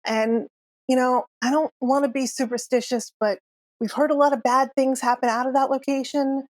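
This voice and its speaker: Give me a woman playing a weary older male coffee vendor in a tabletop game, hesitant and reluctant, fairly high-pitched. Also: fairly even intonation, moderate pace, no echo, natural voice. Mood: confiding.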